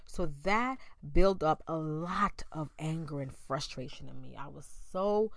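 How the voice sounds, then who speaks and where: A woman's voice: low-pitched, moderate pace, hardly any pauses, dry recording. Woman, thirties, candid personal story, conversational, dry close sound. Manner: candid and conversational, with many fillers and acted-out quotes. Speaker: speaker sharing a personal story.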